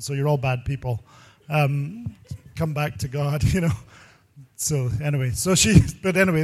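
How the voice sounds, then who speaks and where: A man preaching in a slightly higher voice than most men, rambling through personal stories. He is animated and laughs often, and his sermon feels loose and unscripted. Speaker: pastor.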